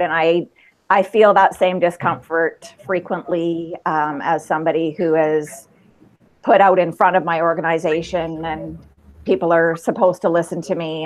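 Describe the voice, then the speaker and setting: An earnest woman with a fairly low voice talks warmly in a small group. She is appreciative and sincere. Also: poor audio. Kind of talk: casual group chat.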